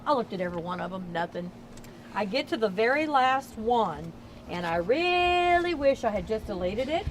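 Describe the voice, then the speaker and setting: A woman's voice: fairly high pitch, very animated, normal speed, slight background noise, low-quality recording. Folksy Texan woman guiding a ghost tour. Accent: Southern US (Texas). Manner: chatty, folksy, projects to a crowd. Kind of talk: storytelling tour talk to a crowd. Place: outdoors on a town street tour at night. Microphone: camera held by a tour member.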